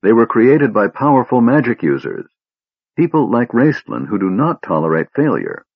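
A man's voice: medium pitch, sing-song, normal speed, husky, phone-quality sound, pitched above the performer's own voice. A man reading aloud who voices an earnest, determined young elf woman, speaking urgently.

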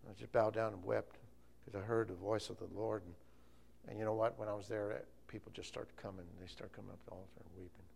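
A man's voice: on the low side, level tone, quick pace, creaky, a little mellow, a little hiss or hum. A man preaching an informal sermon, rambling and often correcting himself. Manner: rambling, self-correcting, chatty.

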